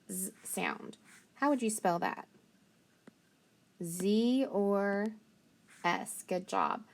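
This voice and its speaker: A woman talks slowly and patiently, giving a spelling lesson. She sounds out each letter carefully, and her pitch sits in an ordinary middle range. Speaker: teacher.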